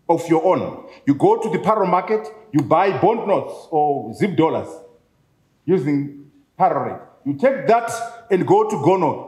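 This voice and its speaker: A Zimbabwean man speaking at his book launch, his fairly high voice swinging widely as he presses his points. He piles up rhetorical questions and repeats key words for weight. The sound carries a strong echo from the room. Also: very animated, moderate pace, a little mellow. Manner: emphatic, rhetorical questions and repetition. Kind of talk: public speech. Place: event venue, echoing room. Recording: echoey room.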